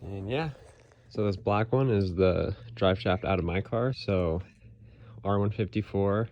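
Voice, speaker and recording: A man's voice: fairly low pitch, a little slow, dry recording, lo-fi sound. A young man talking casually through a car build in a workshop, laid-back and chatty with car slang. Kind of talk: casual build vlog narration.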